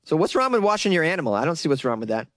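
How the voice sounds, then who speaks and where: A man's voice: fairly high pitch, very animated, racing, a bit bright, no echo. A young man from Massachusetts with a Massachusetts accent, riffing sarcastically on an odd news story and laughing at his own jokes. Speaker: comedic news commentator.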